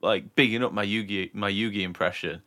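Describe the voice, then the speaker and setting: A man's voice: fairly low pitch, steady tone, brisk, sharp tone. A man co-hosting a podcast, chatting casually and mocking his own old skits. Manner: rambling, self-mocking. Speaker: podcast co-host. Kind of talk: casual chat.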